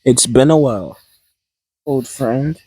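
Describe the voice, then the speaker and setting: A man voicing a ninja mother, speaking in a friendly, soft-spoken way with a husky voice. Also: medium pitch, takes it slowly. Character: warm ninja mother greeting an old friend.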